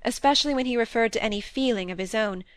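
A woman's voice: on the high side, quick pace, no echo. Woman narrating a classic novel. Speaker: audiobook reader. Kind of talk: scripted narration.

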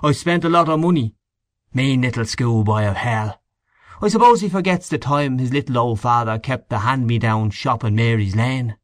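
A man's voice: medium pitch, normal speed, no echo, studio quality, close to an everyday voice. A man voicing a scornful middle-aged canvasser who grumbles and gossips in an audiobook reading, with a sneering, indignant manner. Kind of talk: audiobook character voice.

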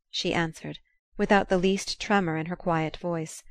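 A woman narrating a novel as an audiobook in a measured, even reading. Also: fairly low pitch, no echo, studio quality.

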